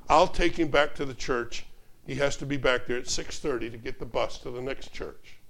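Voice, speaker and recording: Preacher doing a gruff middle-aged man, curt and low-key, close to his own voice. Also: normal speed, fairly bright tone, close to an everyday voice, low-quality recording. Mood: calm.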